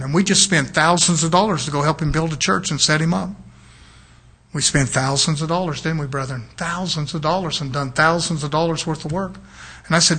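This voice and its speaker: A middle-aged male preacher with a notably high-pitched voice delivers a sermon. He speaks in a plain, folksy way and keeps driving his points home, checking in with the congregation through pointed rhetorical questions. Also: fairly bright tone. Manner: emphatic and folksy, prodding listeners with rhetorical questions.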